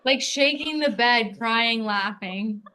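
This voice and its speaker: A woman guesting on a podcast, telling stories casually with quick bursts of speech. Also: a little high, noisy background. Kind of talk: casual conversation.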